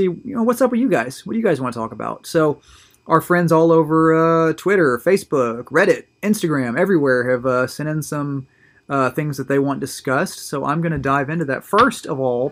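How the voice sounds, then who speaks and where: A man's voice: fairly high pitch, expressive, a little fast, a bit bright. A man hosting his own video show, talking casually and enthusiastically, often repeating words as he goes. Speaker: host of a tobacco review show. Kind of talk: casual solo video monologue.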